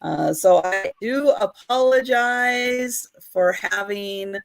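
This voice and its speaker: A woman co-hosting a live online vintage sale, describing each piece carefully with frequent ums and pauses, streaming over a home internet connection. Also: medium pitch, gravelly, soft background music. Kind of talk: live online sales chat.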